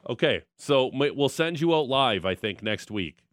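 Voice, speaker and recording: A man hosting a sports radio show in casual, jokey studio banter with quick asides, on a studio microphone. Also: medium pitch, expressive, fairly bright tone, dry recording.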